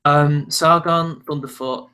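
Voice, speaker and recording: A man's voice: on the high side, fairly even intonation, slow pace, bright, forceful tone. A young man from South Manchester with a Mancunian accent, chatting casually as a channel host, laughing often and wandering off topic. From South Manchester, England. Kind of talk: casual chat.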